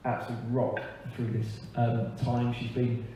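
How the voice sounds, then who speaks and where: A man, a pastor, giving a frank, earnest testimony in a church service, with pauses and hesitations. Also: mid-range voice, flat delivery, dark tone, a little hiss or hum. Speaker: church pastor on leave, interviewee. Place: large echoey church hall. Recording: echoey hall, distant mic, faint ambience.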